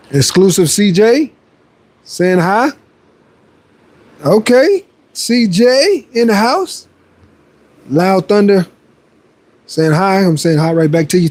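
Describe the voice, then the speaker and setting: A man's voice: high-pitched, darkish tone. A man hosting a casual fitness livestream, reading viewer messages aloud and answering them in an upbeat, motivational and playfully boastful way. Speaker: fitness streamer and trainer.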